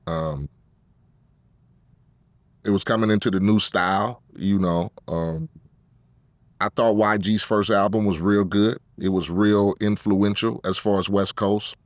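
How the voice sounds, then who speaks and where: A middle-aged man from Compton in a casual interview, talking slowly with drawn-out ums between his thoughts. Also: on the low side, fairly even intonation, dry recording. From Compton, California. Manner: unhurried, fills pauses with drawn-out ums. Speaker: guest rapper.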